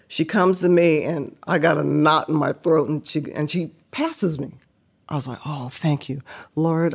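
An older woman and former basketball player telling stories as a podcast guest, animated and laughing, acting out what people said. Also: sits low. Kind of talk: casual storytelling interview.

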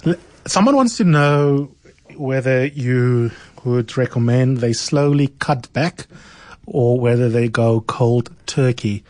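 A man hosting a radio interview, asking measured, probing questions. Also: mid-range voice, a little mellow, dry recording. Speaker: radio host.

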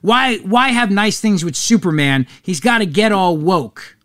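A man's voice: high-pitched, expressive, a little slow, a bit bright, no echo, studio quality. Sarcastic man hosting a talk show. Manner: sarcastic and mocking. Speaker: radio talk show host. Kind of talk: opinionated commentary.

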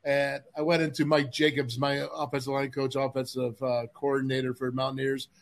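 A man co-hosting a football podcast, animated and acting out old conversations. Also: medium pitch, fairly quick. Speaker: co-host, former player. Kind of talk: casual podcast chat.

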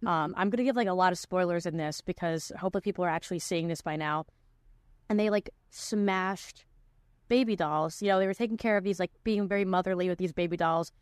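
A woman's voice: fairly low pitch, a little fast, dry recording, studio quality. A young woman hosting a podcast in casual chat, talking with lots of "like" fillers. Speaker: podcast host.

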